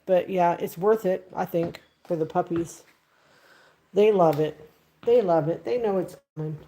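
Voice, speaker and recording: A woman's voice: on the low side, measured pace, warm tone. A woman chatting casually with viewers on her livestream, rambling from topic to topic. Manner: rambling, friendly, talks sing-song baby talk to her dogs. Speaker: livestream host. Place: home kitchen and backyard.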